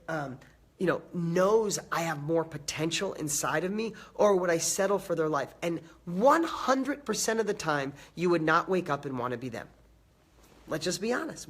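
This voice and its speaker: A man with a somewhat high, husky voice, slightly hoarse from a cold, delivers a live motivational talk. He drives his points home by repeating and stacking phrases, then chats to viewers by name. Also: fairly bright tone. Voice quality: raspy. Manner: emphatic, repeating phrases and building lists. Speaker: motivational host.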